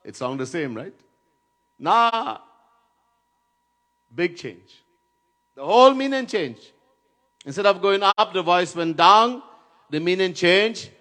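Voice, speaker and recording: In Trinidad, a swami gives a devotional spiritual lecture in a fairly high, pushed, bright voice, lingering over each phrase. He tells stories, chants Sanskrit verses from time to time, and emphasizes key words by repeating them.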